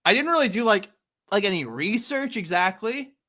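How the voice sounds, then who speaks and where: A man's voice: high-pitched, lively intonation, moderate pace, sharp tone. A man hosting a casual comic-book chat, laughing often as he retells scenes. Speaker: podcast host.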